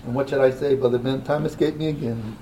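A man preaching a sermon who talks directly to his congregation, moving from quiet asides to rising, emphatic exclamations. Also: medium pitch, fairly even intonation, fast, a little hiss or hum, poor audio.

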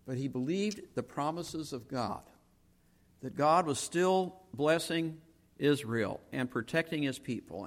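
A man preaching a sermon as pastor, measured, slowing down to stress each verse he quotes. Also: fairly high pitch. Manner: measured preaching with slow emphatic quoting of verses. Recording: long hall reverb.

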